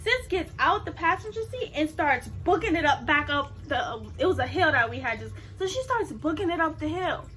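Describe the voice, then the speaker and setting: A woman's voice: high voice, moderate pace, few pauses. A young woman telling a personal story on her vlog, casual and profane, acting out what everyone said. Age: young adult. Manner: animated, profane, acts out quotes. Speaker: vlogger.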